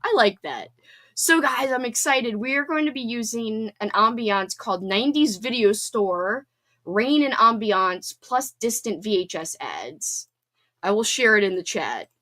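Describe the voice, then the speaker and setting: Woman, livestream host, casual chat from home; bubbly, fairly high voice with a lot of pitch movement. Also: animated, pushed and bright. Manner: bubbly and chatty, quick laughs and squeals. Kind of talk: casual chat reading out viewer comments.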